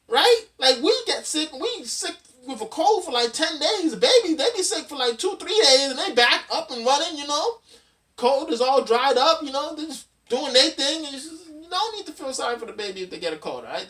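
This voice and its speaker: Chatty dad vlogger, a little off-mic. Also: male voice, very high voice, pushed and bright. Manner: rambling, chatty, with frequent fillers and loose restarts. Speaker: dad vlogger hosting his channel. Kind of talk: casual advice vlog counting down a list. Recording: voice somewhat distant from the mic.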